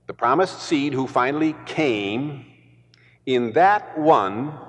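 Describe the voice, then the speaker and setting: Slow, deliberate male preacher. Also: mid-range voice, big-room sound. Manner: deliberate, emphatic repetition. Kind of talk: sermon.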